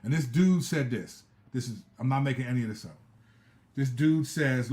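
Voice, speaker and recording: A middle-aged man, a preacher and live-stream host, telling a testimony story in a casual, animated way with slang and asides. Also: mid-range voice, moderate pace.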